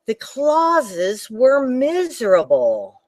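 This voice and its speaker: A woman reads a picture book aloud to children in an animated, sing-song way. Her voice sits a little high and swoops widely in pitch. She talks straight to the kids as she goes. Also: very slow. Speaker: children's librarian. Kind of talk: children's storytime read-aloud.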